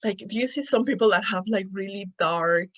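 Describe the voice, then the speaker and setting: A woman's voice: mid-range voice, fairly quick, rough recording. Giggly Spanish-accented woman. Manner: chatty, laughs often while telling stories. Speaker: podcast host. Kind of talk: casual solo podcast chat.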